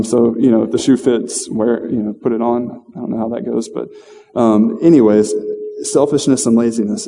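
Man, informal sermon, flat delivery, mellow voice, lots of restarts. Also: medium pitch, in a large hall. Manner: conversational, self-deprecating, halting with fillers and restarts. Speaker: lay preacher. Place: church hall.

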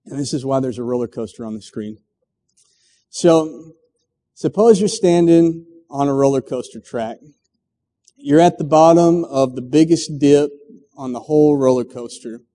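Dark-voiced middle-aged preacher in a reverberant hall. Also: male voice, mid-range voice, unhurried. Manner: storytelling with acted quotes and frequent restarts. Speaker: pastor. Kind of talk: sermon.

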